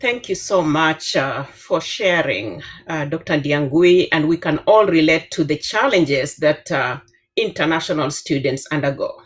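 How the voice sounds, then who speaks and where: Kenyan-accented female professor, 50s, slightly low voice, earnest and advisory, halting with fillers. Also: lively intonation. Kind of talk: panel discussion answer.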